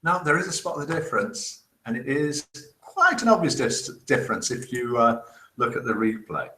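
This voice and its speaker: In an indoor room in Spain with a roomy echo and slight background noise, a man hosts a live online show. His mid-range voice is animated, pushed and bright at a moderate pace as he chats casually, reads viewer comments, and laughs at his own jokes.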